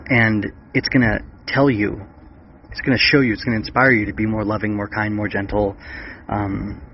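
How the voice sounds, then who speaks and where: A man's voice: fairly low pitch, muffled recording, slight background noise. A man hosting a podcast, chatting casually about a book with many fillers and restarts. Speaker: podcast host.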